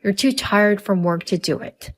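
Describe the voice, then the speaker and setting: A woman's voice: mid-range voice, moderate pace, close to an everyday voice. A woman voicing a harsh, demanding middle-aged mother-in-law in a narrated story. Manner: cutting, demanding.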